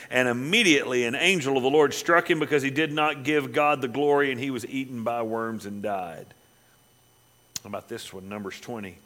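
A man preaching a sermon, reading scripture dramatically and dropping to quiet, pointed asides. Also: medium pitch, steady tone, fairly quick.

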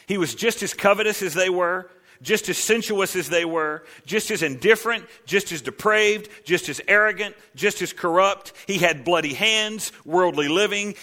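Bright dramatic male preacher. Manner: dramatic preaching, swings from low hushed lines to loud cries. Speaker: pastor. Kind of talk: sermon.

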